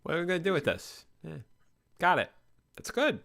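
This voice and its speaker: A man co-hosting a casual online group chat, animated and quick to laugh. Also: on the high side, vocal fry. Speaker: co-host.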